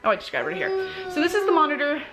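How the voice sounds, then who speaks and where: A woman's voice: high-pitched, wildly swooping pitch, fast. A young woman chatting casually in a rambling vlog from her bedroom, talking as a mom with lots of fillers. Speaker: mom vlogger. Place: bedroom, lying in bed.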